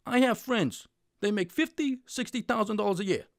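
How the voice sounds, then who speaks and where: A man's voice: high-pitched, moderate pace, creaky, no room sound, studio quality, pitched above the performer's own voice. A man putting on an exasperated older career senator, sputtering and stammering with indignation. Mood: indignant.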